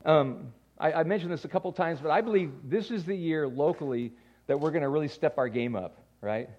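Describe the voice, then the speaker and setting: A man preaching a sermon as pastor, animated, going from loud bursts to quiet asides and stammering as he restarts. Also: a little high, brisk. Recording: dull lo-fi sound.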